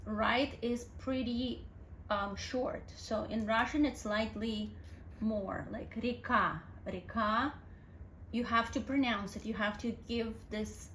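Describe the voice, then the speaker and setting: A woman's voice: mid-range voice, steady tone, unhurried, slight background noise. A woman teaching a language lesson, patiently spelling out sounds letter by letter. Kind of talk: alphabet lesson.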